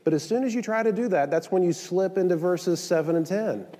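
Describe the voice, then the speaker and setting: A man's voice: high voice, a little fast, dark tone, long reverb tail. A male pastor delivering a sermon in a conversational style, mixing in joking asides, recorded in a church sanctuary.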